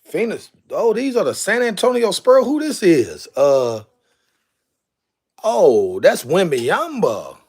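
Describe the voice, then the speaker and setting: This man's high-pitched voice swings widely in pitch, moving slowly with long pauses and a slightly mellow quality. Chatting casually on a live stream, he drawls and calls out to himself as he goes through jerseys.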